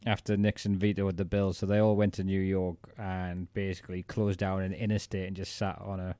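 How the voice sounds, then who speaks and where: A man's voice: deep voice, level tone, a little fast, dark tone, smooth, no room sound. A man co-hosting a casual podcast chat, rambling and thinking aloud. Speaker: podcast co-host.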